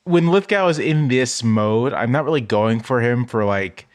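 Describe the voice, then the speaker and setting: A man appearing as a guest on a movie podcast, talking in a measured, thoughtful way with fillers. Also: medium pitch, animated, no room sound. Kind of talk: casual chat.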